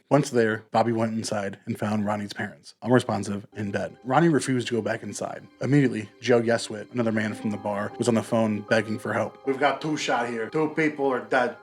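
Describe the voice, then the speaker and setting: Fast-talking man narrating true crime. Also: mid-range voice. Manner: casual, profane, joking asides. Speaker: podcast host.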